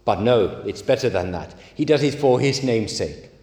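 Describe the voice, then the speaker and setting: A man's voice: mid-range voice, animated, dark tone. Man preaching in an echoey church. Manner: emphatic, slow stresses on key words. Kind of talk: sermon.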